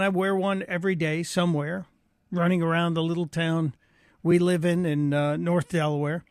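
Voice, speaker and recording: A man's voice: high voice, no room sound. A man filling in as a radio talk show host, telling joking anecdotes in a chatty monologue from a studio microphone.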